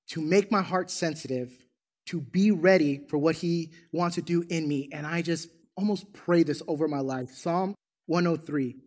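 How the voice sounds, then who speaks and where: A man preaching a sermon as a church pastor, with an animated, emphatic storytelling manner. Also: fairly high pitch. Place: church sanctuary.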